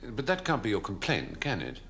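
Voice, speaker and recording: Arch officer in a tv war drama, swoops all over, echoey room. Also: male voice, fairly low pitch, wildly swooping pitch, fairly quick, vocal fry, fairly bright tone, exaggerated voice. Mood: dry. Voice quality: dry, arch, sardonic. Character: sardonic British officer posing as camp commandant. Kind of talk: 1990s TV drama acting. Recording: echoey room, faint noise.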